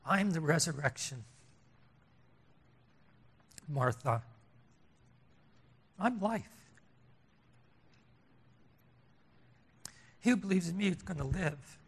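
A man voicing Jesus in a sermon, speaking softly and earnestly with passion. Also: on the high side, slightly rough, exaggerated voice. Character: impassioned Jesus pleading gently with a grieving woman.

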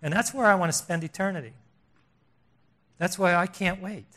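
Older male preacher, higher voice, emphatic sermon delivery with sudden hushed drops. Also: moderate pace. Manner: emphatic, repetitive, swings between loud and hushed.

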